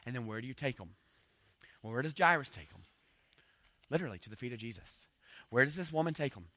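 A man preaching at a rapid clip, his voice bright and forceful. He is animated and playful, slipping into quick little voices to act out scenes. The sound is dry and close. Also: medium pitch, no echo. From South Georgia. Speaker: pastor. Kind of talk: sermon.

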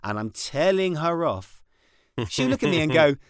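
British male podcast co-host, animated storyteller, higher voice, swooping delivery. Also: moderate pace, no room sound, clean studio sound. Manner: animated, acts out his kids' voices in storytelling. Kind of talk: casual chat. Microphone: studio mic in vocal booth.

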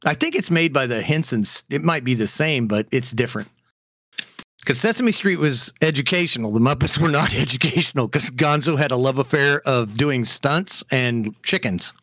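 A man co-hosting a casual podcast chat, telling jokes with dark deadpan humor and laughing often. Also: mid-range voice, normal speed, dry recording. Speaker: podcast co-host.

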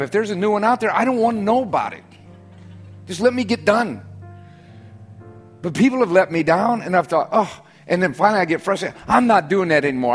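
A man preaching a sermon as pastor, stressing points by repetition and dropping to soft, quiet asides. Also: husky. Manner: preaching with sudden drops to soft, low, intimate asides and emphatic repetition.

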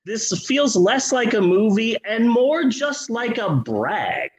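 A man's voice: very high voice, big pitch swings, takes it slowly, slight background noise, low-quality recording. A man co-hosting a podcast, reviewing a film in casual chat with sarcastic, profane remarks. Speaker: podcast co-host.

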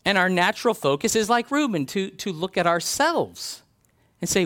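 A man's voice: sits high, big pitch swings, normal speed, fairly bright tone. A man preaching a sermon in a conversational, earnest way, reading scripture aloud and explaining it. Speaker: pastor.

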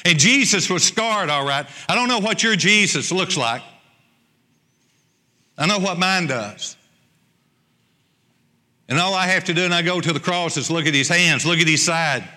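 A man's voice: sits high, moderate pace, pauses often, pushed and bright. A male pastor preaching a sermon, emphatic and repeating his key phrases. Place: church sanctuary. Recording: long church hall reverb.

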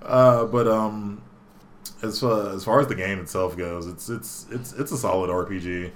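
A man's voice: normal speed, slight background noise. A young man in casual gaming chat, swearing freely and jumping between voices as he retells scenes. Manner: animated, swears a lot, acts out quoted characters in high voices.

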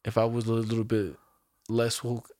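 A young man hosts a casual podcast, speaking at a moderate pace in a medium-pitched, monotone, slightly mellow voice. The dry, studio-quality recording captures him telling a rambling story loaded with slang, swearing and filler words.

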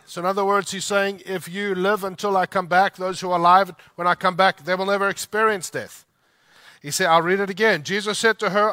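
Bright, high-voiced male preacher. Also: fairly even intonation, no echo. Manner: emphatic, slows down to stress scripture lines. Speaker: pastor. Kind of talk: sermon.

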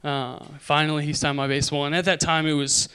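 A young man from Idaho preaching a sermon, telling a story with animated, loud impressions. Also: on the high side, fairly quick, clear, resonant tone.

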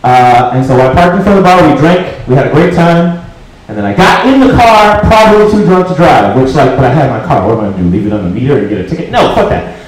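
A man doing a stand-up comedy set on a club stage, swearing freely and breaking into shouts for emphasis. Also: a little high, sing-song, fast talker, a crowd in the background. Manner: profane, emphatic, bursts into shouting. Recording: echoey live room.

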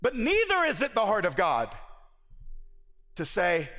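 A man's voice: high-pitched, huge pitch swings, a little slow, long pauses, sharp tone. A man from the Southern US preaching a sermon as pastor, earnest and emphatic. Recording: long hall reverb.

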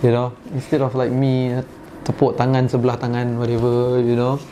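A man's voice: medium pitch, monotone, brisk, warm tone, slight background noise. A man in his forties from Malaysia with a Malaysian English accent, chatting casually, rambling with fillers and frequent laughs. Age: 40s. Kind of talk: casual chat.

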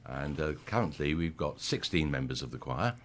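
A man's voice: extremely low pitch, animated, moderate pace, a little hiss or hum. A man leading a church choir, talking as a guest on local radio in a friendly, hesitant way with lots of ums. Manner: friendly, hesitant with many fillers. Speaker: choir leader. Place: radio studio.

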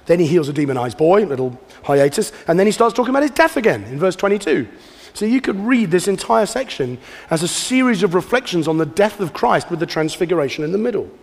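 A man's voice: high voice, sing-song, fast talker. Man preaching with hall reverb. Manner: earnest, conversational preaching with rhetorical questions. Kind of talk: sermon. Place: church hall, livestreamed. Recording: hall reverb from a live church.

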